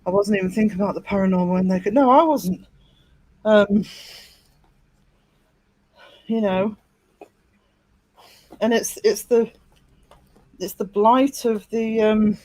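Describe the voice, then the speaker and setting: High-voiced man hosting a casual livestream. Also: slow, pauses often, a little mellow, no echo, low-quality recording. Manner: rambling, with many fillers and restarts. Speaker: livestream host. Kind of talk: casual live chat with viewers.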